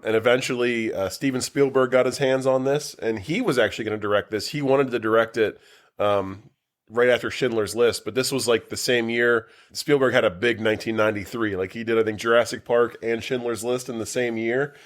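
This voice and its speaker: A man chatting on a home-made podcast, recorded in a basement. His voice sits at an ordinary middle pitch and bounces with excitement, laughter and the odd curse as he riffs on a movie. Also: a little fast. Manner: animated, swears freely, laughs a lot. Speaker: podcast co-host. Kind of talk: casual podcast chat.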